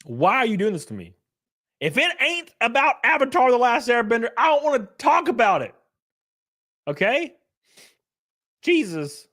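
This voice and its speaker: A man in his thirties hosting a livestream, ranting loudly and profanely in casual chat, laughing between rants. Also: very high voice, big pitch swings, slow, long pauses. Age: 30s. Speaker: livestream host.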